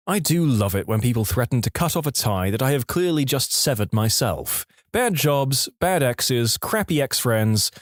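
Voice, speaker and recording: A man narrating reddit stories in a lively, expressive storytelling manner. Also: mid-range voice, dry recording, studio quality.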